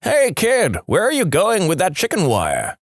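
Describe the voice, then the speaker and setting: A man's voice: high-pitched, huge pitch swings, measured pace, dry recording, studio quality, pitched above the performer's own voice, exaggerated voice. A man doing a cranky old porch-sitter hollering. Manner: hollering, incredulous.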